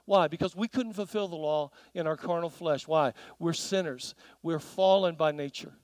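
A man's voice: fairly high pitch, normal speed, dry recording, rough recording. A man preaching a sermon in a church, telling stories and asking the congregation questions. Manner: animated storytelling with audience questions.

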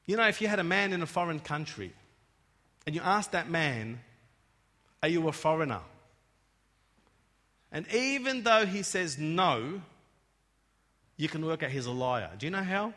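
A man preaching a sermon in church, emphatic and swelling to loud peaks, often restarting his words. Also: fairly high pitch, expressive, unhurried, pauses often. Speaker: pastor. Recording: long hall reverb.

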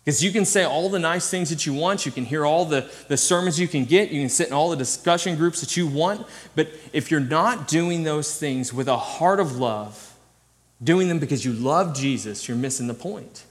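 A man preaching a sermon as a student ministry pastor, telling animated stories with self-deprecating humor. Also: a little high, moderate pace. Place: church sanctuary. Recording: long hall reverb.

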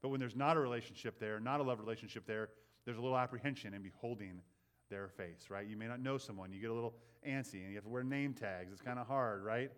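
A man preaching a sermon in an earnest way. He often checks in with the listeners with a quick "right?" and repeats words as he builds his points. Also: mid-range voice, clean tone. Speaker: pastor.

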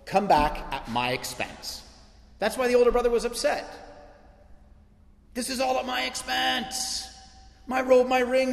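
A man preaching with emphatic, building intensity, his voice sitting a little high for a man. The sound carries the long, roomy echo of a large hall. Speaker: pastor. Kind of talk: sermon.

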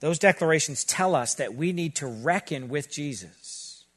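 A middle-aged male pastor preaching a sermon, earnest and conversational with quick asides. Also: fairly high pitch, animated, a bit bright.

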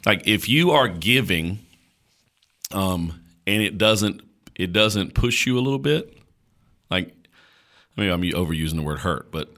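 Deep-voiced, bright-toned male podcast preacher. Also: animated, measured pace, pauses often. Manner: emphatic, repetitive, colloquial. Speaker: podcast host. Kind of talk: preaching Bible talk on a podcast.

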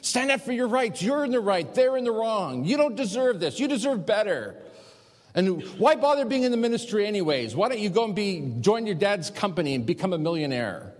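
A man's voice: high voice, big pitch swings, fairly quick, voice pushed up. A preacher voicing a tempting male devil who goads insistently and repetitively. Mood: goading. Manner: urgent, repetitive goading. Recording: long reverb of a large hall.

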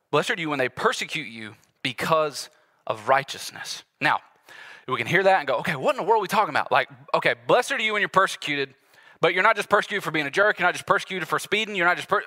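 A pastor in his thirties preaches a sermon, telling family stories in a relaxed, conversational way and acting out the quotes. His voice is a little high and fairly quick.

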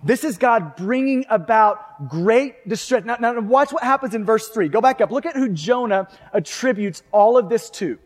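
A man's voice: very high voice, animated, moderate pace, few pauses, big-room sound. A man preaching a fervent sermon, reading scripture aloud and asking his listeners questions. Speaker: pastor.

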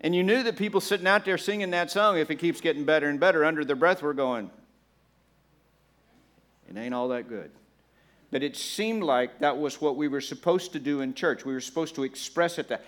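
A male preacher delivering a sermon in a mid-pitched voice. He talks easily with his congregation and jumps into animated impressions of churchgoers. His delivery swings between playful banter and quieter, earnest stretches. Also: fairly quick. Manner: conversational with the congregation, laughs along. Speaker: pastor.

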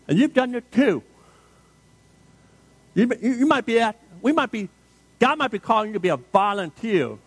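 Male pastor, sermon delivery, emphatic refrains, high pitch, dry sound. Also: no echo. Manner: emphatic, dramatic storytelling with repeated refrains.

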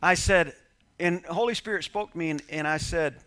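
A man's voice: on the high side, moderate pace, sharp tone, smooth. A male pastor telling a personal story in a sermon, acting out bits of dialogue and joking with his congregation. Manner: conversational preacher, quoting dialogue, laughing with congregation.

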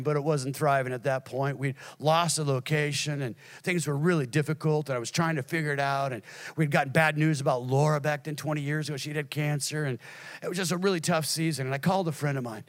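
A middle-aged man preaching a sermon as pastor, swinging from hushed, near-whispered lines to loud, emphatic preaching. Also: fairly high pitch.

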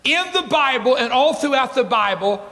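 High, bright-voiced preacher in a reverberant hall. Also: male voice. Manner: animated, laughing asides, dramatic slow reading of scripture. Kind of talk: sermon.

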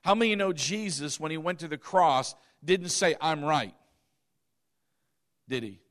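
Man, middle-aged, pastor, sermon, high-pitched, emphatic and repetitive. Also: moderate pace, fairly bright tone. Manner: emphatic, repetitive preaching with asides and chuckles.

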